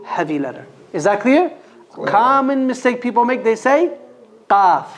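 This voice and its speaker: A man's voice: very high voice, very animated. A man teaching Quran reading at a mosque, drilling letter sounds and quizzing his class with short questions. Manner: slow, patient drilling with quiz questions to the class. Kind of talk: call-and-repeat pronunciation lesson.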